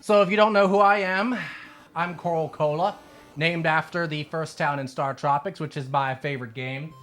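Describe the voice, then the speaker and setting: A man's voice: fairly high pitch, steady tone, normal speed, fairly bright tone. Breathless man streaming retro games. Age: 30s. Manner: chatty, laughing, swears at the game. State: out of breath from exercise. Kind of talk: casual live stream chat.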